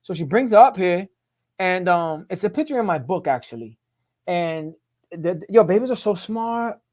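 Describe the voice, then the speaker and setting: A man's voice: high-pitched, animated, moderate pace, a little mellow. A middle-aged man telling his life story as a podcast guest in emphatic, profane street talk. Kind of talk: casual storytelling.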